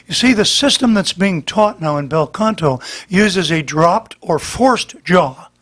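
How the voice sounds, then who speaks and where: High-pitched male vocal coach, slightly worn voice, patient explainer. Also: expressive, unhurried, a bit bright. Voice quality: slightly damaged voice. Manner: patient, explanatory, demonstrates as he talks. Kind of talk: demonstrating voice lesson.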